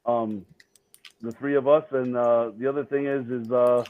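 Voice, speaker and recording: A man's voice: mid-range voice, flat delivery, moderate pace, narrow, tinny audio. A man with a thick Boston accent, a guest telling laughing, self-mocking stories in casual chat. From Boston area.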